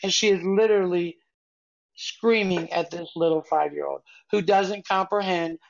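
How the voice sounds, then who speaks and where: A woman's voice: fairly low pitch, moderate pace, creaky, muffled recording. An older woman and podcast co-host, chatty and meandering as she tells a story in casual conversation. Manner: chatty, meandering, with frequent restarts.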